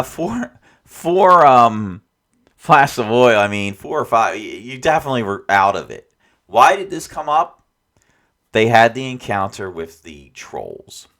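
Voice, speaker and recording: A man's voice: medium pitch, a bit bright. A man talking casually as a dungeon master about his game, rambling, with frequent restarts and asides. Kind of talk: casual spoken reflection.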